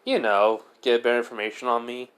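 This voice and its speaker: A man's voice: mid-range voice, fairly even intonation, fairly quick, a bit bright, clear, resonant tone. A man telling an improvised fan story in a rambling way, full of fillers and self-corrections. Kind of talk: improvised fan-fiction narration.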